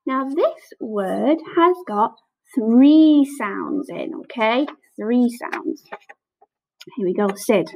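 Slow, high-voiced encouraging teacher woman. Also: animated, rough recording. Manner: slow, encouraging, sounds out letters with lots of praise. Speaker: primary school teacher. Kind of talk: remote phonics lesson for young children. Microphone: camera.

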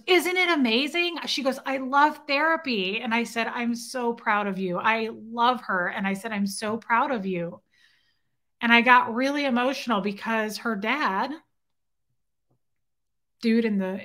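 Bright-voiced woman telling a story. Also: a little high. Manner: animated retelling with quoted dialogue and side remarks to chat. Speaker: host. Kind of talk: casual storytelling to viewers.

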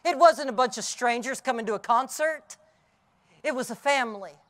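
A middle-aged man preaching an Easter sermon outdoors, telling the story vividly and dropping from loud cries to hushed tones. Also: very high voice, moderate pace. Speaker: pastor. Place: outdoors on a hilltop.

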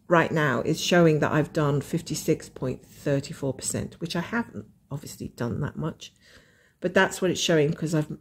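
A woman's voice: low voice, darkish tone, breathy edge. A woman with a Scottish accent hosting a casual stitch-along chat, thinking aloud and weighing her options. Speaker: host of a cross-stitch channel.

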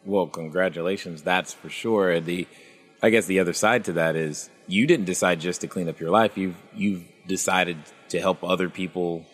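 Male podcast host, lowish voice, encouraging, pulls out the lessons for listeners. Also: moderate pace, long reverb tail, faint music behind. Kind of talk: interview hosting.

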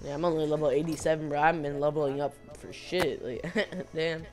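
Over music, a young woman with a deep voice talks fast while streaming a game live. She curses a lot, gets excited, and laughs frequently throughout her commentary.

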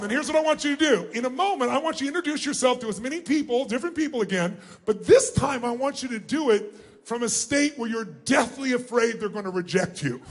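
A man leading a huge live audience through an exercise, energetic and commanding, often shouting questions to the crowd. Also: very high-pitched. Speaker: motivational speaker leading a large audience exercise. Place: large arena.

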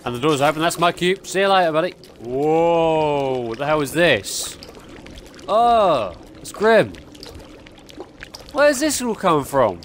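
Man, young, horror game commentary, jumpy, exclaims a lot, lively pitch. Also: slow, slight background noise. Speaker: gaming YouTuber.

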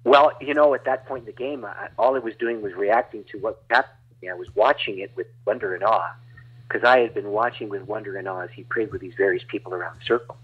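Husky male guest evangelist, animated testimony storyteller, muffled lo-fi audio. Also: lowish voice, fast talker. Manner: animated, dramatic retelling with laughs. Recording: dull lo-fi audio.

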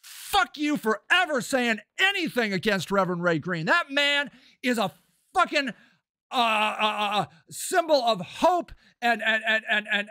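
A man hosting a podcast, delivering an impassioned, profane political rant that swings between shouting and low muttering. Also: no room sound, studio quality. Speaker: podcast host.

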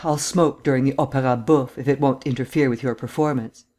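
An impatient, gruff district attorney, as voiced by a male narrator in an audiobook. His remarks come out curt and churlish, at a mid-range pitch. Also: steady tone, a little fast, a little mellow, lightly acted. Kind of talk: audiobook character reading.

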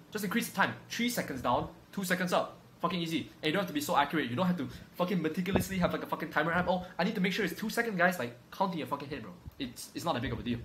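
A man's voice: fairly high pitch, background noise. A young man lecturing on fitness straight to camera in a brash, swaggering way, swearing constantly and calling the viewer bro. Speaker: fitness coach. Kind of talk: profane casual lecture to camera. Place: room at home.

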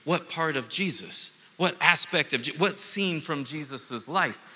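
A man pastor giving a conversational, animated sermon with playful asides. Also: a little high, measured pace, big-room sound.

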